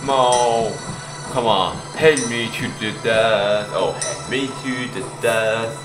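A man giving excited gameplay commentary as a gaming YouTuber, pleading and shouting at the game and laughing often. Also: on the low side, takes it slowly. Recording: echoey room with game music.

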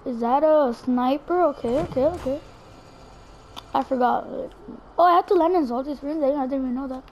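High-voiced excitable woman gaming. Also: normal speed, slight background noise. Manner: excitable, chatty, talks straight to viewers. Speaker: gameplay commentator. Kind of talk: live gameplay commentary.

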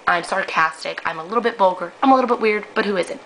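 A woman's voice: mid-range voice, quick pace, a bit bright, a little hiss or hum, rough recording. A woman in her twenties recording a brash, profane, self-mocking audition video for a reality show. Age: 20s.

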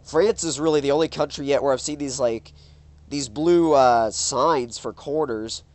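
A man's voice: mid-range voice, normal speed, no room sound. Male gaming commentator, stuffed-up nose, rambling and reactive, dead-dry close mic. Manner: rambling, exclaims at the road. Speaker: gaming YouTuber. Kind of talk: casual gameplay commentary.

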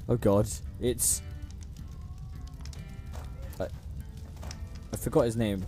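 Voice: mid-range voice, normal speed, long pauses, dark tone, faint music behind. A streamer chatting casually over a story game, reading the characters' lines aloud in playful voices and swearing in slangy asides. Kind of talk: casual gaming livestream commentary.

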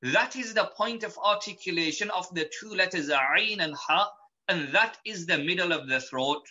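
Male teacher, high bright voice, slow deliberate delivery, slightly muffled audio. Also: animated. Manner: patient, repeats each point and letter. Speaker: Quran recitation teacher. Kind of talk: slow methodical lesson.

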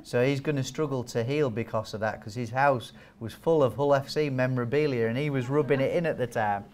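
Brisk and darkish in tone, this man's mid-range voice leads a training session for nurses on wound care. Speaking in a training hall with a live audience, he keeps things chatty, cracks jokes, and quizzes his listeners.

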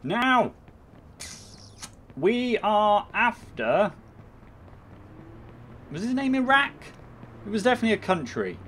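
Male gaming host: chatty, rambling let's-play talk with a lively, mid-pitched voice and faint noise. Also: slow, pauses often. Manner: rambling, chatty, thinking aloud with many fillers.

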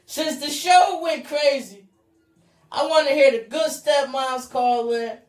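A woman with a Philadelphia accent hosting a live call-in talk show, loud and hyped, shouting to her callers. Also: high voice, fairly even intonation, takes it slowly, echoey room. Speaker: radio talk show host.

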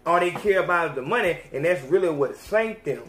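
A male podcast host on an animated, slangy rant full of swearing. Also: on the high side, a little fast. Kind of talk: profane rant. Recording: roomy echo.

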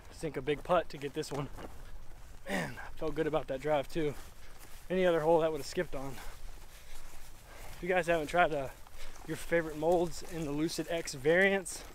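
A young man, chatting excitably to viewers as he narrates his own disc golf round outdoors. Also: fairly high pitch, slight background noise. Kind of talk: casual play-by-play self-commentary.

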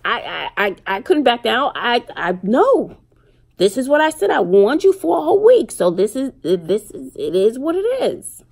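Middle-aged mom vlogging, bit of fry in her voice, just chatting and telling stories to the camera. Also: on the high side, moderate pace. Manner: chatty storytelling, animated retelling with slang. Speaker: vlogger and single mother. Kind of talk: casual chat to camera.

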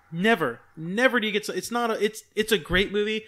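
A man's voice: sits high, a little fast. A man co-hosting a movie podcast, retelling a film in a rambling, profane, casual way. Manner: rambling, profane, animated retelling with quoted voices. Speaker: podcast co-host. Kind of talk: casual movie review chat.

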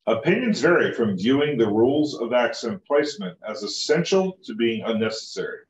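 A man's voice: mid-range voice, sing-song, fairly quick. A man reading textbook passages aloud in class and asking short questions. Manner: reads steadily, asks short questions. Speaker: student. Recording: roomy, distant and muffled.

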